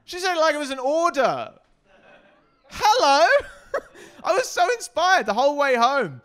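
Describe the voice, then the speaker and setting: A man doing a stand-up comedy set, self-deprecating and hesitant with many ums, sometimes breaking into loud shouted bits. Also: very high-pitched, very animated, moderate pace.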